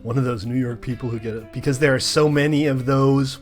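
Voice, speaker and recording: A man's voice: medium pitch, normal speed, faint music behind. A man streaming Minecraft, chatting casually with viewers in a rambling, joking way. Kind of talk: casual live-stream chat.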